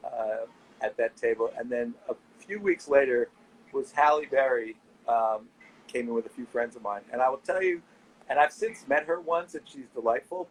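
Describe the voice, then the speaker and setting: A middle-aged man in a casual interview, telling animated anecdotes and quoting people as he goes. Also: mid-range voice, a little hiss or hum, poor audio. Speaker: nightlife owner and guest.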